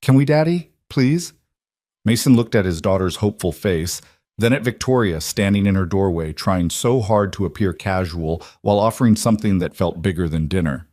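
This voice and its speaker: A man reads a scripted story aloud, measured and gentle. His voice sits on the low side and the recording is dry and close. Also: no room sound. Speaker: narrator. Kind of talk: scripted narration.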